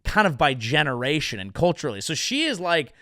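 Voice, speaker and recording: A man's voice: on the high side, very animated, brisk, bright, forceful tone, dry recording, studio quality. A young man from the Bay Area who hosts a comedy show, riffing on the news with wry, self-mocking asides. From San Francisco Bay Area, USA. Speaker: comedian host.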